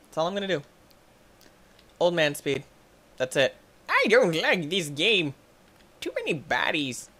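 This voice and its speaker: Excitable young male gamer, fairly high and very animated, yelps and laughs. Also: unhurried, long pauses, husky. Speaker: gaming YouTuber. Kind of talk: playing and commenting a game.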